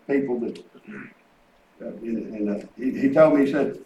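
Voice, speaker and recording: A man's voice: medium pitch, normal speed, warm tone, slight background noise. A man preaching a folksy sermon, telling rambling stories and breaking into calls of praise. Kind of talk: sermon with testimony. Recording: echoey room, distant mic.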